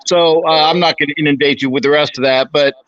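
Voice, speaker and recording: A man's voice: a little high, steady tone, fast talker, fairly bright tone, no echo. A man in his sixties, a guest chatting casually and humbly, talking into his phone. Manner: humble, chatty, self-deprecating. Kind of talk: casual interview chat. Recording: muffled phone audio.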